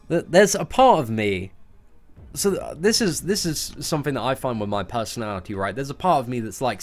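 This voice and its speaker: A man's voice: mid-range voice, very animated, moderate pace, soft background music. A young British man hosting a game livestream, answering viewers in a casual, chatty way and peppering his talk with "man" and "you know". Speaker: livestream host.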